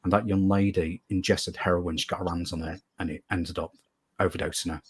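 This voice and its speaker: A man's voice: deep voice, level tone, fairly quick, husky. A man being interviewed as a guest medium, telling a story earnestly and at length, often repeating phrases for emphasis.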